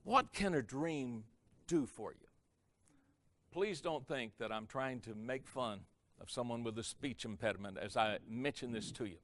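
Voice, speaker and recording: A man preaching as a pastor, telling a story in a sermon and swinging his loudness from hushed to loud for effect. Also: mid-range voice, a little slow. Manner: animated, varies loudness for effect. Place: church or conference hall.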